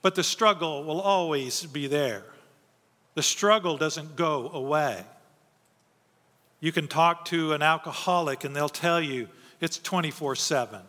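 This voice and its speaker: A man delivers a sermon in an earnest, emphatic way, putting questions to his listeners and then answering them. His voice sits high and has a bright, ringing edge. The sound carries a long reverb, as if he is in a church sanctuary. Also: unhurried. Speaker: pastor.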